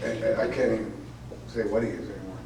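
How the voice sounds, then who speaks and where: A poet at a college event speaks in a lowish, fairly even voice and talks fast, rambling loosely and repeating words before reading his poem with dramatic intensity and emphasis. He sounds far off in an echoey room, over a noisy background.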